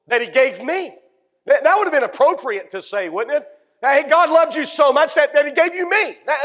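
A male pastor with a strikingly high voice delivers an earnest sermon. He stammers through restarts and lets small chuckles slip. His words ring out with a long hall reverb. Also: fairly bright tone. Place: church sanctuary.

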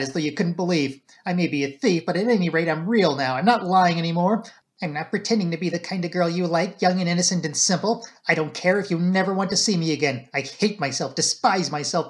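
A man's voice: high voice, close to an everyday voice. A man voicing an anxious, guilt-ridden young woman who speaks in an agitated, raised voice.

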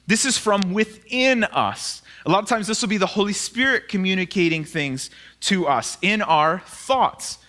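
A male pastor giving a conversational sermon in a church, animated and telling personal stories with asides. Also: sits high. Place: church sanctuary, live sermon.

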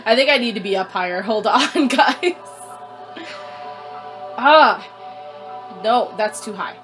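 A young woman hosting a let's play, panicking, squealing and shouting at her game character, repeating words in quick streaks. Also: a little high, expressive. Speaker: gaming channel host. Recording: faint game music behind.

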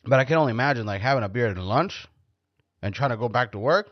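A man's voice: mid-range voice, expressive, fast, dry recording. Foul-mouthed male host, loose rambling monologue, dry and dull lo-fi sound. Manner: profane, blunt, joking. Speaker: podcast host.

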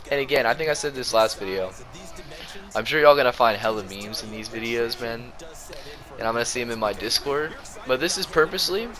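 A young man with a sore throat giving slangy, excitable commentary over his own old football video game match. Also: mid-range voice. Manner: excitable, slangy, jumps between play-by-play and rants. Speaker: gaming YouTuber. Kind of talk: gameplay commentary.

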